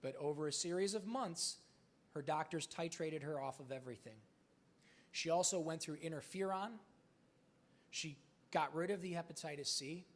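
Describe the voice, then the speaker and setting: At a live event, a motivational speaker tells candid stories in a casual way, swearing freely and acting out the dialogue. His voice is on the high side, at normal speed, and he pauses often.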